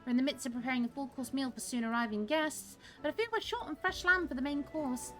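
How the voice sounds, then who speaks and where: An anxious, courteous kitchen worker from a fantasy game, politely urgent, as a woman reads the part. The voice is bright and fairly high. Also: fast, soft background music. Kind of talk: reading game dialogue aloud.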